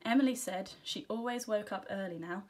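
A woman teacher reads a children's storybook aloud. Her first-person narration is gentle and expressive, and her voice sits at an ordinary middle pitch. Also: brisk. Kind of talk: storybook reading.

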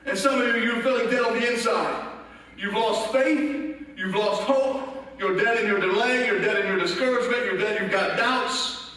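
A man preaching an impassioned sermon, rising to shouts and dropping to hushed asides. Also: very high-pitched, steady tone, brisk, heavy reverb, big-room sound, recorded from a distance, rough recording. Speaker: pastor. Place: church sanctuary.

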